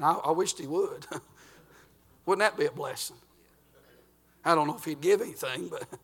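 An older man, a pastor preaching a folksy sermon that swings between loud and quiet. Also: fairly high pitch, moderate pace, pauses often, breathy edge.

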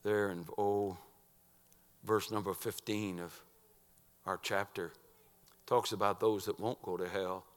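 A man preaching a sermon, telling a story dramatically and swinging from hushed near-whispers to loud emphatic cries. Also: fairly low pitch, fairly even intonation, takes it slowly, pauses often, in a large hall.

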